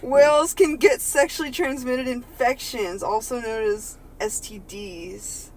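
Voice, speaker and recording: A woman's voice: on the high side, unhurried, a crowd in the background, poor audio. A woman co-hosting a comedy podcast, chatting casually and giggling while she reads a story aloud. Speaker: podcast co-host. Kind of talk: casual comedic chat and fanfiction reading.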